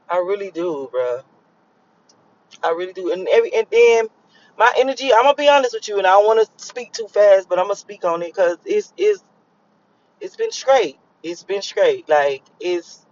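A man's voice: high-pitched, lo-fi sound. A young man in a car, rambling and cursing as he reflects on his morning. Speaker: vlogger. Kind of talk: casual morning monologue while driving.

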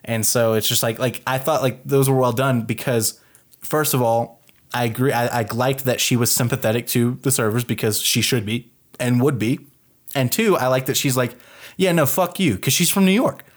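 A man's voice: mid-range voice, steady tone, normal speed. Man, podcast co-host, casual rambling chat, lots of fillers, swears freely. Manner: rambling, filler-heavy, profane.

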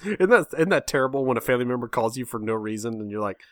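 A man's voice: mid-range voice, expressive, racing, no room sound, studio quality. A man joining in casual chat with wry, teasing banter.

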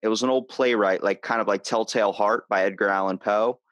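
Dude with a lowish voice chatting on a podcast, dry close mic, kinda rambly. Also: male voice, fairly even intonation, brisk, fairly bright tone, no echo, lo-fi sound. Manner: rambling storyteller, restarts and retells plots. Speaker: podcast host. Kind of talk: casual chat.

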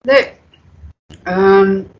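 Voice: medium pitch, highs cut off. Rambling interview guest. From Netherlands. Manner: rambling, halting, many fillers, swears freely. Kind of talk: casual storytelling.

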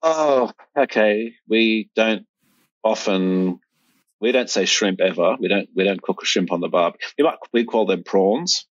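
A man's voice: lowish voice, measured pace, no room sound. A middle-aged Australian man in casual conversation, rambling with restarts and fillers. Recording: dull, lo-fi sound.

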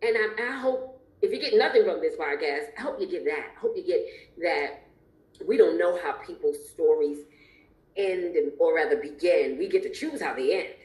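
A woman hosts a podcast interview in casual chat, talking expressively and emphatically and laughing often. Her voice is lowish and slightly mellow at a normal speed, with a roomy echo on the recording.

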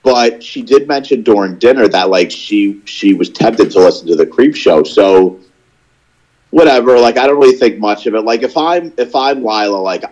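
A young man with a slightly low voice co-hosts a casual podcast. He rambles through stories and leans on filler words as he goes. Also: lively intonation, moderate pace, a little mellow, muffled recording. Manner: rambling storyteller, lots of "like" fillers. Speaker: podcast co-host. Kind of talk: casual chat.

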